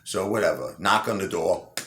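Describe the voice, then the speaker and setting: A man's voice: low-pitched, expressive, moderate pace, background noise. A man telling a dirty joke in a chatty way, filled with "you know.". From Brooklyn, New York. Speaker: comedian. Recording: echoey room.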